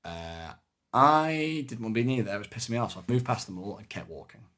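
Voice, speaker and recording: A man with a low, bright voice, telling stories on a casual podcast. He gets animated and acts out the shouts of the people in his tales. The talk runs on loosely, full of fillers. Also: fairly quick. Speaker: podcast co-host. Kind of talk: casual storytelling chat.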